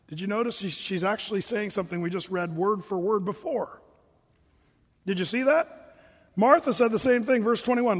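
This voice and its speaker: Man, preacher, high voice, conversational sermon, joking asides, long hall echo. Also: a little fast. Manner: conversational, joking asides between scripture readings.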